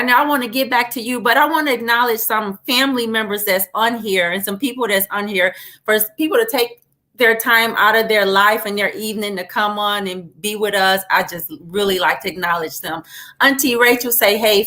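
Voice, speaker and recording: Bright-voiced woman hosting a livestream. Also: on the high side, fairly quick. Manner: encouraging, animated storytelling. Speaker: host. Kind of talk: livestream interview chat.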